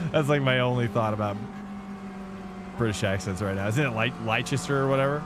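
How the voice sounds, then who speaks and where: A man's voice: medium pitch, normal speed, background noise. A young man streaming a sim race from home, chatting casually and laid-back, calling his viewers dude and boys. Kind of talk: casual chat while live-streaming a race.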